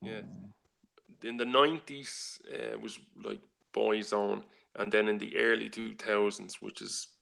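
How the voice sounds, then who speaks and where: A man with an Irish accent, a panelist chatting easygoingly on a live stream and pausing often to search for names. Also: fairly low pitch, level tone, creaky, a bit bright. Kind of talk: casual chat on a live stream.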